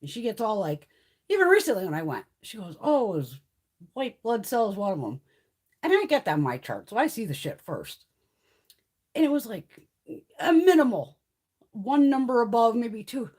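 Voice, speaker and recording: A woman's voice: mid-range voice, wildly swooping pitch, moderate pace, a little mellow, slightly rough. A middle-aged woman from the US East Coast chatting casually on a livestream, telling stories in a blunt way and swearing constantly. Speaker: beauty livestream host.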